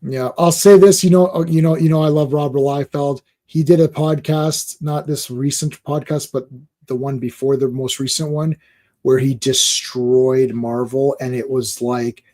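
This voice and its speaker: A man's voice: medium pitch, steady tone, normal speed, warm tone. A man hosting a comic book podcast, talking casually and rambling as he repeats himself. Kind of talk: casual chat.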